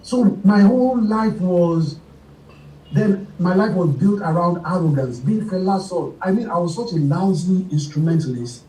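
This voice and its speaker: Middle-aged Nigerian musician guest, animated storyteller, mellow voice, picked up from a distance in a roomy space. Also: male voice, high-pitched, normal speed. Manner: animated, acts out quoted voices, laughs often. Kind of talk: casual storytelling interview.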